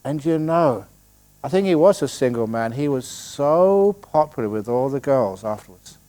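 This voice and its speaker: An older Englishman with a medium-pitched, warm voice jokes his way through a Q&A at a meditation retreat, speaking at a moderate pace with lively intonation. He's a Buddhist meditation teacher, telling stories in the meditation hall and acting out the voices of the people he quotes.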